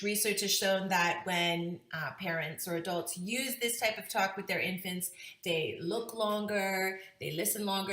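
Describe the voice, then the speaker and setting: A woman's voice: mid-range voice, pushed and bright. A woman in her thirties explaining to parents how babies learn language, in a friendly teaching manner. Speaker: parenting educator. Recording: echoey room.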